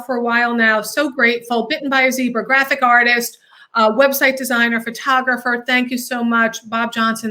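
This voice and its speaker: A woman's voice: sits high, bright, forceful tone. A woman hosting a talk show, chatting casually and joking between plugs for her sponsors. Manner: joking, chatty, full of fillers.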